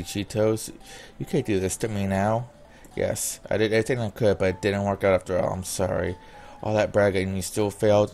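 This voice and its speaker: A man's voice: lowish voice, vocal fry, darkish tone, a little hiss or hum. A man reading a visual novel's dialogue aloud in his own plain voice, breaking off now and then for casual comments. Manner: reads all the character lines in a plain voice, breaking off for casual comments.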